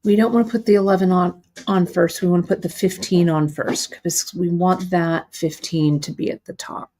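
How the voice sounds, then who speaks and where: A woman's voice: fairly low pitch, steady tone, moderate pace, darkish tone. A middle-aged woman demonstrating beadwork live, chatty and self-deprecating as she talks through her own mistakes while she works. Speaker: beading instructor.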